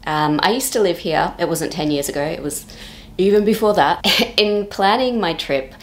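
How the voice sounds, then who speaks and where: A woman's voice: fairly low pitch, moderate pace. A woman in her thirties narrating a casual vlog in a chatty way, with playful joking asides. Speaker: vlogger.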